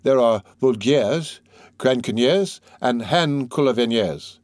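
Dude reading a boastful young captain, smooth-talking, showing off, mid-pitched. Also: male voice, expressive, slow, a little mellow, dry recording, studio quality. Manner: swaggering, grand declarations.

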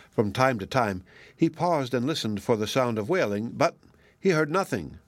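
A man reading a fairy tale aloud as narrator, steady and measured. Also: mid-range voice, no room sound. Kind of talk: storybook reading.

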